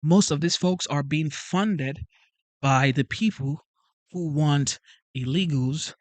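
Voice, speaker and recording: A man hosts a live stream, speaking with a fairly high pitch for a man. He repeats lines and fires off rhetorical questions in a lively way. His voice sounds dry and close to the mic. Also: slow pace, no echo. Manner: animated, repetitive, asks rhetorical questions. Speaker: channel host. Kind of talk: live-stream commentary reading chat.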